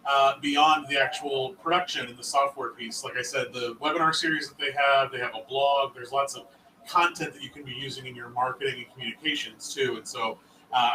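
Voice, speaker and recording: An easygoing man hosts a webinar over a video call. His voice is bright and forceful. He sits back from the mic, and the room echoes around him. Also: mid-range voice, distant mic, a little hiss or hum. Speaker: webinar host. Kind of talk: casual webinar sign-off.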